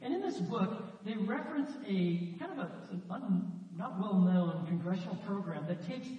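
A man's voice: high voice, lively intonation, moderate pace. A man preaching a sermon as a pastor, telling stories in a conversational way and acting out the quotes. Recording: echoey hall, distant mic, dull sound.

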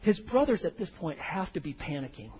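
A man preaching an expository sermon as pastor, emphatic, swinging between hushed and loud delivery. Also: high-pitched, very animated, brisk, husky. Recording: reverberant hall, dull lo-fi sound.

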